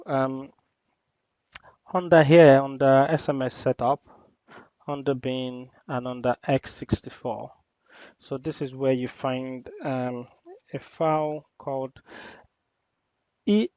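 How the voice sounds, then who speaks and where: A man teaching an IT lesson in a screen-recorded demo, explaining each step in a relaxed way with many ums and uhs. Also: mid-range voice, no room sound. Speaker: IT instructor. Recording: dull, lo-fi dry voice-over.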